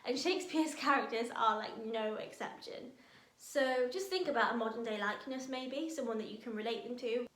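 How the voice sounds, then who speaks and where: A woman leading a drama workshop for teenagers, explaining a play in a lively, chatty way with the odd laugh. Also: a little high, moderate pace. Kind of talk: online lesson for teenagers. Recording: roomy echo.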